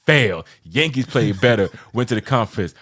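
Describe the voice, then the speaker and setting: A man from New York hosting a casual sports chat, passionate and rambling, often getting loud and worked up. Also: mid-range voice, animated, brisk. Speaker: show host.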